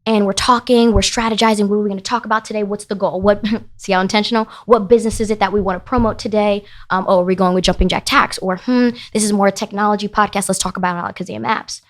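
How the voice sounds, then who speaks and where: A woman's voice: medium pitch, quick pace, few pauses. Emphatic woman telling a story. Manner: emphatic, animated, rising into heated retelling. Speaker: podcast guest, business founder. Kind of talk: casual interview storytelling.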